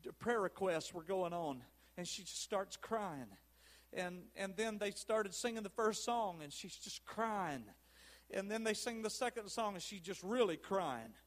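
A man preaching a pentecostal sermon, swinging between shouted praise and hushed, quiet passages. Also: high-pitched, lively intonation, a little slow.

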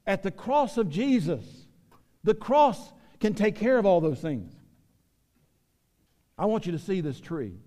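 A pastor preaching a sermon, swinging between loud emphatic lines and low quiet asides. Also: male voice, sing-song, a little slow, pauses often, long reverb tail. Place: church sanctuary.

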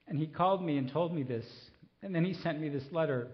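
A middle-aged man preaching a sermon, pleading and impassioned, then soft and reflective. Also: a little high, a little fast, dull audio. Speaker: pastor.

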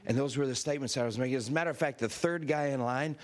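A man's voice: mid-range voice, very fast. A male preacher telling a story in a sermon, laughing as he acts out the voices of the people in it. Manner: lively, laughing storyteller who acts out quotes.

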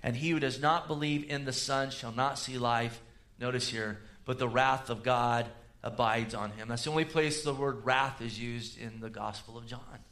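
A man preaching a sermon, swinging between loud emphatic rises and low quiet asides. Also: steady tone, moderate pace. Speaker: pastor.

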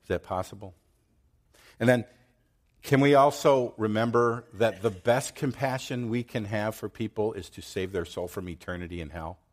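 A middle-aged man preaching a sermon, telling stories with lively swings between loud outbursts and quiet asides. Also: lowish voice, moderate pace. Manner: animated storytelling, acts out quoted voices, swings loud and soft. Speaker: pastor.

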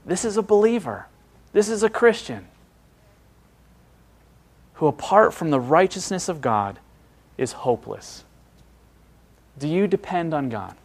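A man preaching a sermon, earnest and emphatic, with dramatic pauses and hushed drops. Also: medium pitch.

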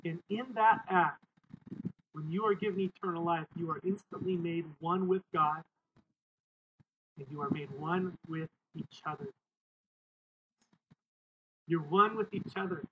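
A man's voice: fairly high pitch, a little slow, pauses often. A middle-aged male pastor preaching emphatically outdoors, repeating phrases and calling on the church for amens. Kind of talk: outdoor sermon. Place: outdoors, windy. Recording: tinny phone-like sound with wind noise.

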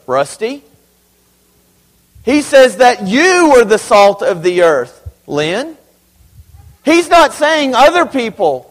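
A male pastor delivers a conversational sermon with a fairly high voice. He leans hard on key words and breaks into humorous asides to the congregation. The sound rings out with the long reverb of a large hall. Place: church sanctuary.

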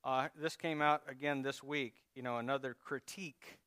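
A man's voice: mid-range voice, steady tone, moderate pace, bright, forceful tone, clean tone, no room sound, studio quality. A man preaching a sermon in a conversational way, with asides and prompts to the congregation. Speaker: pastor.

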